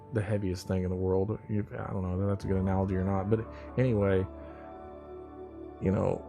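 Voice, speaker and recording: A man's voice: fairly low pitch, vocal fry. A man hosting a casual morning livestream, rambling, joking and swearing as he teases his viewers. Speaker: livestream host. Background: faint music.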